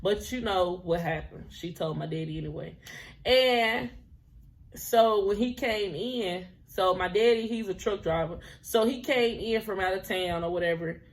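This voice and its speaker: Here a twentysomething woman talks to her viewers about a personal experience, her medium-pitched voice moving at a measured pace. She's chatty and laughs often, now and then quoting dialogue.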